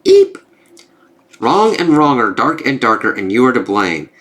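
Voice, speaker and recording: A man's voice: mid-range voice, very animated, normal speed, bright, forceful tone. A man reading the lines of an exasperated, swearing male god from a comic.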